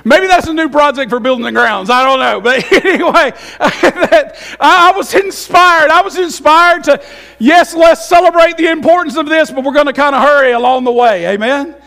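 A middle-aged pastor preaches in a church with a strikingly high, gravelly voice. He is openly emotional and swings from fervent, loud stretches to soft, musing asides. It is a live sermon to his congregation. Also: normal speed. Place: church sanctuary.

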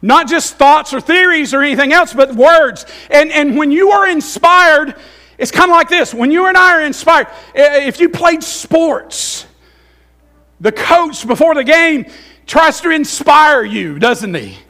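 A middle-aged male pastor preaching a sermon in a church, emotional, with swings between loud, fervent passages and quiet, musing asides. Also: very high-pitched, expressive, a little slow. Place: church sanctuary.

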